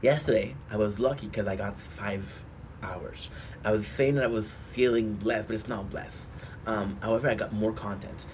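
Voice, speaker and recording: A man's voice: on the low side, steady tone, normal speed, a little mellow, a little hiss or hum. A man streaming and chatting casually, rambling and asking his chat rhetorical questions. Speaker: gaming streamer.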